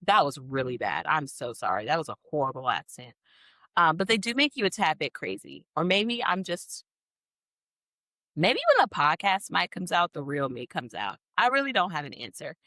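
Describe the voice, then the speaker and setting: This woman's voice sits low yet sounds bright, with a forceful tone, in a dry recording. In her twenties, she hosts a solo podcast from a studio on camera, chatting loosely and self-deprecatingly into the mic.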